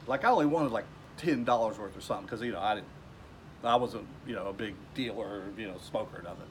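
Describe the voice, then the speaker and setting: A man's voice: lowish voice, fast talker, slight background noise. A man casually telling a personal story at home in a rambling way, acting out the people he quotes.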